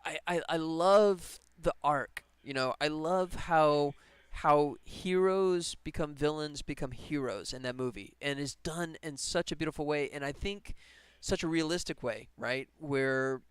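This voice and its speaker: Chatty man with a smooth, clear voice. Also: fairly high pitch, no echo. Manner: rambling, chatty, quick to laugh. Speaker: game developer streaming live. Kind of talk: casual livestream chat while working.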